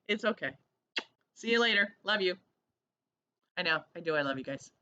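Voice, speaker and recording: A woman's voice: deep voice, lively intonation, a little fast, long pauses, bright, forceful tone, highs cut off. A woman hosting a casual diary vlog, chatty, laughing often and acting out what people said. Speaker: vlog host.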